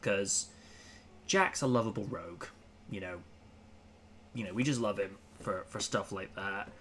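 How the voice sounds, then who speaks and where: A man's voice: on the low side, a little slow, fairly bright tone, a little hiss or hum. A man hosting a casual talk show, chatting in an opinionated, rambling way with plenty of fillers. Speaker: podcast host. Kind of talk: casual chat.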